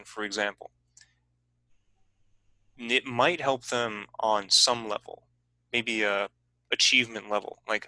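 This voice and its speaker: A man presenting a teaching workshop over a video call, explaining in a relaxed, conversational way. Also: on the low side, no room sound, low-quality recording.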